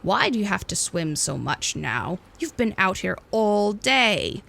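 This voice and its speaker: A woman voicing a grumpy, practical older woman who grumbles and speaks slowly and dryly in a storybook reading. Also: medium pitch, big pitch swings, vocal fry, a bit bright, exaggerated voice. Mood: scolding. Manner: grumbling, dry, slow.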